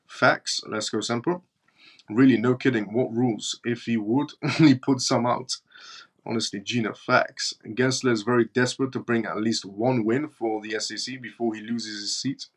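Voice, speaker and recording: A man's voice: medium pitch, fairly even intonation, moderate pace. A man with a British accent hosting a live stream, reading news and viewer comments aloud in a blunt, mocking way. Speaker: crypto livestream host.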